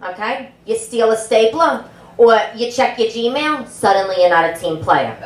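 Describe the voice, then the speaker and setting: A woman with a New York accent doing a punchy, brash stand-up set in a comedy club. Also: a little hiss or hum. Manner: brash, punchy delivery with big pitch swings. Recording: echoey club room, mic heard from a distance.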